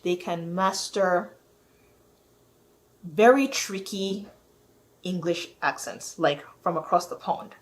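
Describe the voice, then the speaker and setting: A woman talks straight to camera in a loose, rambling rant, piling up fillers as she circles her point. Her voice sits a little on the low side. She sounds thoroughly fed up. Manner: exasperated, rambling, heavy use of "like". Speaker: vlogger.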